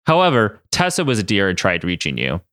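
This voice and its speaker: A man's voice: sits low, wildly swooping pitch, fairly quick, a bit bright, no room sound, studio quality, heavily acted. A man voicing a snarky, cynical woman leader in a comic story he reads aloud. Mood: annoyed.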